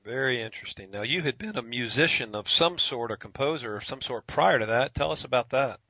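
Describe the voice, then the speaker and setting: A man interviews a guest in a mid-range voice with a bright, forceful edge. He keeps his questions and reactions short and encouraging. He sounds a little off the mic, in a dry, slightly muffled recording. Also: medium pitch, a little fast, no echo. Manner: brief, encouraging prompts.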